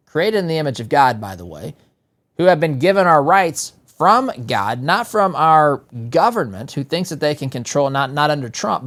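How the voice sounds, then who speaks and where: A man hosting a political talk show, commenting in a sarcastic, exasperated way. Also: fairly high pitch. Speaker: talk radio host.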